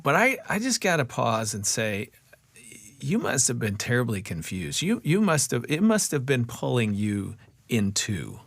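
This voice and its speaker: A man's voice: medium pitch, huge pitch swings, unhurried, gravelly, fairly bright tone, no room sound. A male podcast host in an interview conversation, reflective and empathetic, summing up what his guest has said.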